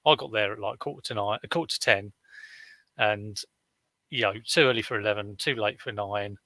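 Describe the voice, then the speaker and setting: A man in casual live-stream chat, telling rambling stories full of fillers and restarts. His voice is bright and forward, and the recording is dry and close. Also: fairly low pitch, brisk, no room sound. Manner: rambling, chatty storytelling with many fillers and restarts. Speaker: reseller vlogger.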